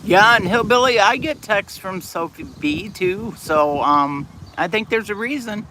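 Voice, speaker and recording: A man's voice: high voice, animated, unhurried, bright, forceful tone, a little hiss or hum. A man hosting a casual livestream, chatting and answering viewer comments aloud. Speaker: livestream host. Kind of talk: casual live chat.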